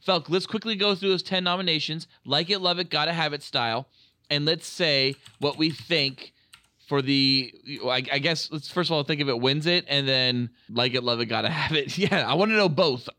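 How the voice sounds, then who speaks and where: Podcast co-host, male, bright crisp voice, dry close mic, jokey and loose. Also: fairly high pitch, normal speed, no echo. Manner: jokey, hesitant restarts, leads the segment. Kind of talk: casual chat.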